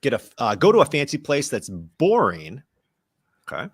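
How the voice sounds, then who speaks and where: A man co-hosts a casual gaming podcast, his pitch rising and falling in a lively way. He reacts in an easygoing manner and chats along. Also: normal speed, slightly rough. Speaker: podcast co-host.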